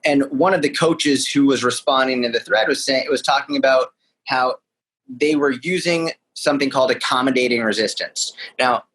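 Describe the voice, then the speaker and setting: A young man, a fitness coach answering podcast questions in a candid, animated way. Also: mid-range voice, moderate pace, breathy edge, low-quality recording. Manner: candid, animated storytelling with asides. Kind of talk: casual interview answers.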